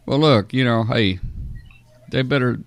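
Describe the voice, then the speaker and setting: A man hosting a casual radio roundtable, folksy and often clearing his throat. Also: medium pitch, measured pace, dry recording. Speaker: host.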